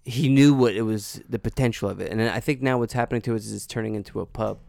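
A man's voice: lowish voice, fast talker, vocal fry, a little mellow, no echo. A man hosting a podcast, laid-back and chatty, dropping dude and yo. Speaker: podcast host. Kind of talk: casual podcast banter.

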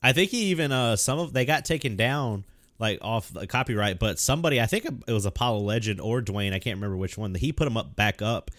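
A man's voice: on the low side, expressive, fast, a bit bright, dry recording, clean studio sound. A man co-hosting a podcast, chatting casually and chiming in with short quips. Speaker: podcast co-host. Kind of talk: casual chat.

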